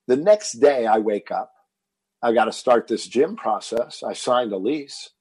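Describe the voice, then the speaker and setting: A man in his fifties from Texas, telling a personal story as a guest in an interview, animated and getting louder as he relives the moment. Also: mid-range voice, unhurried, breathy edge, dry recording, poor audio. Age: 50s. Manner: animated storyteller, rises to shouting when reliving anger. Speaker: fitness entrepreneur guest.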